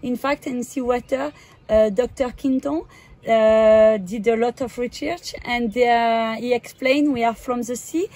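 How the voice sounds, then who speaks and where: French-accented woman wellness coach, slow and hesitant, slightly high voice, casual vlog delivery. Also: fairly even intonation, mellow. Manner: halting, hesitant, many fillers, laughs often.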